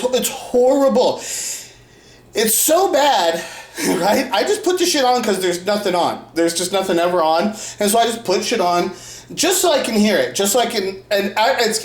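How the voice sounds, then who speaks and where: A man hosting his own show, ranting in crude, mocking commentary and laughing often. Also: high-pitched. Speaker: host. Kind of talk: profane commentary rant. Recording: roomy echo.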